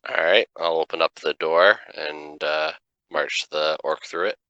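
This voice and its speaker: Deep, bright-toned male player. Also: measured pace, no echo, dull audio. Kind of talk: casual tabletop play.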